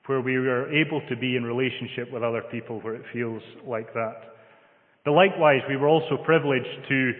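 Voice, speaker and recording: A Scottish man preaching a sermon and reading scripture in a measured, gently humorous way. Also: mid-range voice. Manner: measured, gentle humour, reads scripture aloud. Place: church hall. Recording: phone-like sound in a long-reverb hall.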